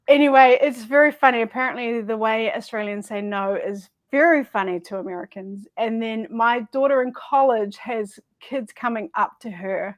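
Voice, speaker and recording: Middle-aged kiwi lady, kinda high voice, chatty, laughs a lot while telling stories. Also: normal speed. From New Zealand. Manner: chatty, laughs easily, lively storyteller. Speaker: guest quilting YouTuber. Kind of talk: casual chat.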